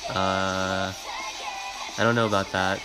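With pop music in the background, a young livestreamer drifts through reactions to music videos at an unhurried pace. His delivery is monotone and low-key, full of filler words and rambling, and he reads viewer comments out loud.

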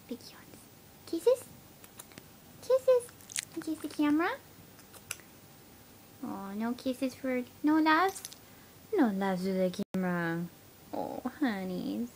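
A woman speaks baby talk to her puppy at home, filmed on a handheld camera. Her voice sits fairly high and swoops widely in a cooing sing-song. She takes her time and often sinks into soft whispers. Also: slight background noise, rough recording. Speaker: pet owner filming her puppy.

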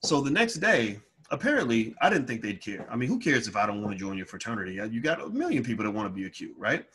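A man telling a personal story in an emphatic monologue, growing loud and high-pitched when heated. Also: very animated, quick pace. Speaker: financial educator.

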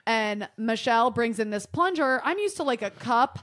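A woman's voice: on the high side, normal speed. A young adult woman from Michigan, a podcast guest telling a comic story in casual chat and swearing freely. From Michigan, USA. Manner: swears freely, animated and exaggerated.

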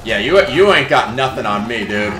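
Young guy gaming, cussing out his team, bright sharp voice, roomy echo. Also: medium pitch, animated, normal speed, slight background noise. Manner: swears and yells at teammates, sarcastic. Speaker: gaming YouTuber. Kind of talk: gameplay commentary.

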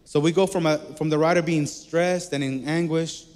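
A man's voice: fairly high pitch, steady tone, moderate pace, hardly any pauses, a little mellow. Conversational male preacher in a reverberant hall. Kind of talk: sermon.

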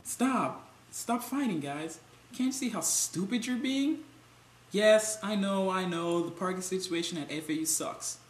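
A man's voice: sits high, expressive, reverberant, pitched above the performer's own voice. A man doing a preachy young peacemaker. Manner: lecturing, pleading, drawn-out.

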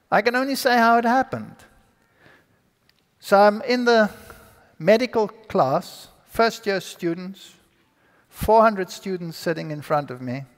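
High-voiced man telling a dramatic story. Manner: animated, dramatic storyteller who acts out dialogue. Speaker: speaker giving his testimony. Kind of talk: storytelling testimony to an audience. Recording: long hall reverb.

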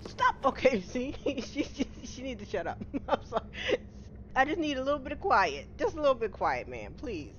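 A middle-aged woman streams a game live, chatting casually, greeting viewers by name, and laughing often. Her voice sits high and moves at a normal speed. The home-stream audio sounds slightly dull, with steady background noise.

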